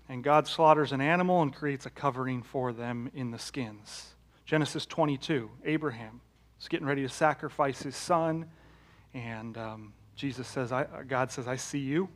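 A man preaching a sermon in a conversational way, with rhetorical questions, that rises to loud emphatic peaks and drops to hushed, low lines. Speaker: pastor.

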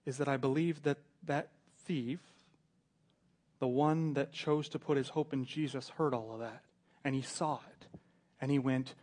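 A man preaching a sermon, earnest, repeating words and swinging between quiet, intimate stretches and loud emphasis. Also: medium pitch, steady tone, measured pace, pauses often.

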